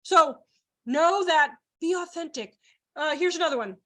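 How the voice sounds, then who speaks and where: High-voiced, animated woman trainer. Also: a little slow. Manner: animated, acts out voices, laughs often. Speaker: child care trainer. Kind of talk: live online training presentation.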